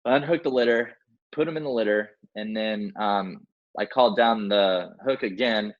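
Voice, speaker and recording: A man's voice: on the low side, moderate pace, highs cut off. A young man, a rescue swimmer, telling a story in a casual interview, acting out the dialogue and using lots of fillers like "like" and "man". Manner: animated, acts out quoted dialogue, many fillers like "like" and "man". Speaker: guest, helicopter rescue swimmer.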